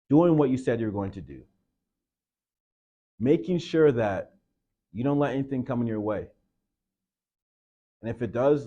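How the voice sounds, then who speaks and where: A man giving a motivational speech to a sports team, retelling a film scene and acting out the coach, rising to loud shouted coaching. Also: medium pitch. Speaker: motivational speaker.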